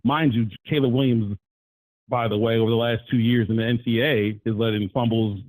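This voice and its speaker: A man calling into a live sports talk show, rambling and animated, often jumping his voice up to quote people. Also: medium pitch, brisk, dry recording, poor audio. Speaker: caller.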